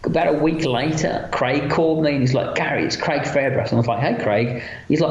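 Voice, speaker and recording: A man who works as a special effects makeup artist, telling stories from film sets in a casual interview, chatty and animated, acting out what other people said. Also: on the high side, brisk, few pauses. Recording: roomy, dull lo-fi sound.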